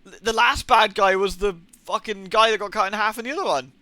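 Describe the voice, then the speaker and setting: A young man streams a game and talks over it in a bright, edgy voice that sits a touch high for a man. He rambles and swears freely, often breaking into rants of disbelief. The sound is dry and close. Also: fairly quick, dry recording. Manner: rambling and profane, incredulous rants. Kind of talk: casual live gaming stream chatter.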